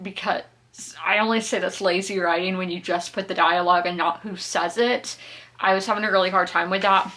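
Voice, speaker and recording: A woman's voice: medium pitch, a bit bright. A woman, chatting casually to camera about books she is reading and laughing often. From South Carolina, US. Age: 20s. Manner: chatty, giggly, talks through her opinions. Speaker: book vlogger. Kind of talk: casual reading vlog chat.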